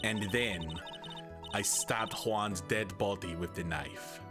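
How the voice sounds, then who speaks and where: A man's voice: on the low side, slow pace, music in the background, voice pushed down. Man doing a witness woman in a shaky Russian accent. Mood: confessing. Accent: put-on Russian. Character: cornered young female witness confessing.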